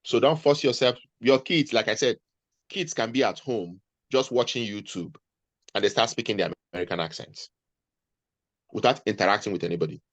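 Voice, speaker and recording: Deep-voiced man giving earnest advice. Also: fairly quick, no room sound, highs cut off. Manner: earnest, advising, repeats himself mid-sentence. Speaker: interview guest, nurse. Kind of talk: conversational interview.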